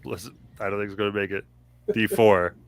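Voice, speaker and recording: A man game master narrating a tabletop game in a relaxed, halting way with many fillers. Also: lowish voice, low-quality recording.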